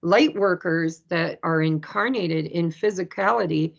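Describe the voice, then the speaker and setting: A woman chatting casually about spirituality, telling stories with lively energy and acting out other people's words. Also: lowish voice, unhurried, vocal fry. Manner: animated, storytelling, acts out quoted people. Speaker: spiritual speaker. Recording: dull lo-fi sound.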